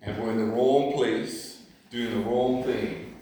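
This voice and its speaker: A man's voice: mid-range voice, fairly even intonation, takes it slowly, mellow, a little hiss or hum. A man preaching a sermon. He repeats his points and often asks his listeners questions. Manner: repetitive, asks the congregation questions. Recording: echoey room from far off.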